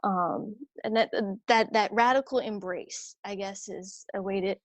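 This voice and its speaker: A religious sister telling a personal story in a conversation, animated and chatty, acting out what others said. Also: female voice, mid-range voice, measured pace, no echo. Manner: animated, acts out quoted voices; chatty, many fillers and restarts.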